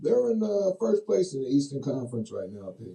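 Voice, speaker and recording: A man co-hosting a casual radio talk show, chatty and lively, running through sports scores with many ums and uhs. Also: medium pitch, a little fast, vocal fry, roomy sound, rough recording. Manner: lively, chatty, laughs often, fillers like uh and um. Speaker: radio co-host doing sports. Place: small radio studio.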